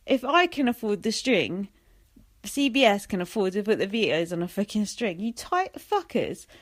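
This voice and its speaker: A woman's voice: mid-range voice, very animated, normal speed. Sweary woman, chatty recap. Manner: sweary, sarcastic, lots of "like" and "um". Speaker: vlogger recapping a reality show.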